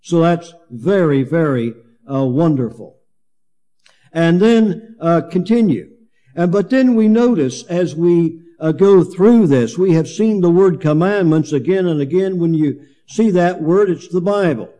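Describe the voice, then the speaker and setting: A man preaching a sermon, teaching through a Bible passage verse by verse, pausing often with fillers and restarts. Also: a little high, expressive, warm tone. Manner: slow, halting, many fillers and restarts.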